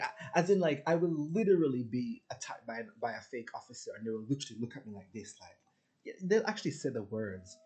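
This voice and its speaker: A man's voice: mid-range voice, mellow. A man talking casually to his viewers in a rambling, boastful, profane rant. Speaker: spiritual vlogger. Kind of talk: casual ranting monologue.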